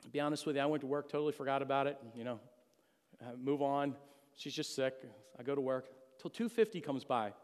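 A man's voice: medium pitch, fairly quick, clean tone. A middle-aged man giving an earnest, emotional personal testimony to a church congregation. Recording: long hall reverb.

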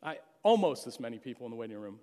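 A man's voice: medium pitch, big pitch swings, very fast, warm tone. A middle-aged man giving an earnest, emotional personal testimony to a church congregation. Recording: long hall reverb.

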